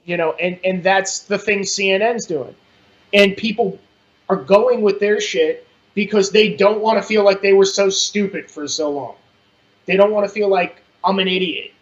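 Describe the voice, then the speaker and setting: Speaking at normal speed in a high-pitched voice, this podcast guest gets animated over politics, blunt and profane throughout the casual conversation. The recording has a dull, lo-fi quality.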